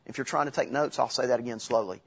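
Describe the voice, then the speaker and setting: A husky-voiced man preaching from the pulpit at a middling pitch, in an easy, conversational way with asides and restarts. The recording sounds a little muffled and dull. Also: fairly even intonation, fast. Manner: conversational, with asides and self-corrections. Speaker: pastor. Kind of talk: sermon.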